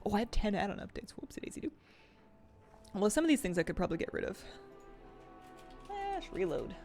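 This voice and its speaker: Her voice is medium-pitched and creaky as she plays games on a live stream. The woman rambles casually, muses aloud and laughs readily.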